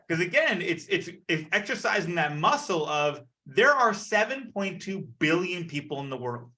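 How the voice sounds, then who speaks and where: Upbeat guy coaching his team over a video call, voice a bit high, swoops around a lot. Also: moderate pace, hardly any pauses. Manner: energetic, acts out quoted voices. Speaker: network marketing leader.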